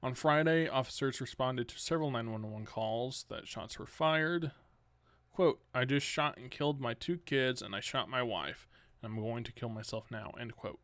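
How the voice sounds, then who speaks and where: A man hosting a solo news commentary podcast, reading news items aloud and cutting in with sarcastic, exasperated remarks that jump up in pitch. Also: normal speed, fairly bright tone, no room sound. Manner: reads news items, then rants sarcastically; exasperated outbursts with rising pitch. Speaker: podcast host.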